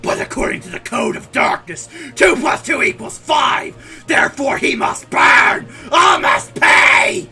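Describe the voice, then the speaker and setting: A man voicing a ranting, fanatical male zealot villain who shouts in a pompous, overwrought way. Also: very high voice, sing-song, measured pace, hardly any pauses, distant mic, soft background music, pitched above the performer's own voice, exaggerated voice.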